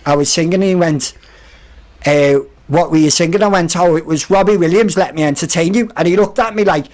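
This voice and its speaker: A brisk, higher-pitched male voice belongs to a podcast guest in the middle of a casual story. He's lively and dramatizes the quoted lines by doing the characters' voices.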